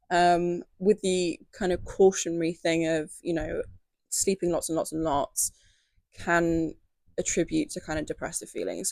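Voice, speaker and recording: A young woman talks to her viewers in a relaxed, gentle way, padding her sentences with fillers. Her voice has a gravelly, fry-tinged texture. The sound is close and dry, with no room echo. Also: lowish voice. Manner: chatty and gentle, many "like" and "um" fillers. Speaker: lifestyle video creator. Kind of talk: casual talk to camera.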